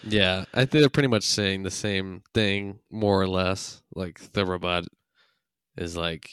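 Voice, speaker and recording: A man's voice: low-pitched, fairly even intonation, a little slow, a bit bright, clean tone, no room sound, studio quality. A young man co-hosting a podcast, laid-back and swearing casually as he chats about a cartoon. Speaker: podcast co-host. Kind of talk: casual chat.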